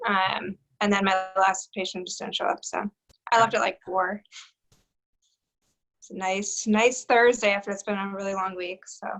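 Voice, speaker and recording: A woman dentist chatting casually on a video call, relaxed and rambling. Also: mid-range voice, normal speed, poor audio. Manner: relaxed, rambling, says "like" and "dude". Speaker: dentist panelist. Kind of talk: casual chat.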